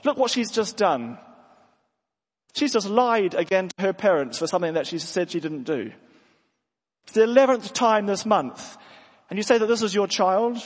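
A man's voice: high voice, animated, moderate pace, long pauses, husky. A man voicing the devil as an accusing, demanding figure in a sermon. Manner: insistent, accusing. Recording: long hall reverb.

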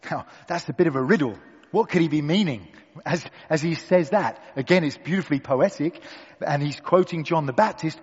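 A man preaching a sermon to a gathered room, deliberate and emphatic with dramatic pauses. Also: on the high side, expressive, a little mellow, husky, long reverb tail, lo-fi sound. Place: church hall with an audience.

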